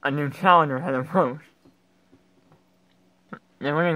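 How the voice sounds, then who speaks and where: A man giving reaction commentary, talking along casually and breaking into loud, excited exclamations. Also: on the high side, measured pace, a little hiss or hum, low-quality recording. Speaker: reaction video creator.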